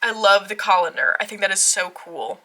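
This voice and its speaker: Gushing, excitable woman with a bright voice. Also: medium pitch, fairly quick. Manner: gushing, excitable, frequent gasps and fillers. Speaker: tarot deck reviewer. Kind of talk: casual unboxing walkthrough. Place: home tarot room, rain outside.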